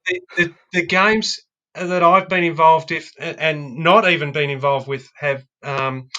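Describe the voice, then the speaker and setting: Bright-voiced Australian man, wry and halting. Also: on the high side, fairly even intonation. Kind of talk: casual podcast chat.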